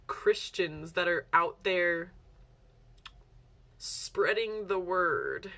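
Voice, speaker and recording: A woman's voice: medium pitch, fairly bright tone. A young woman talks straight to her viewers in a loose, chatty way. She leans on "like" and slips into little acted-out quotes as she tells her story. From United States. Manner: chatty, heavy use of "like", acts out quoted lines. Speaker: vlogger. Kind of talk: casual storytelling vlog.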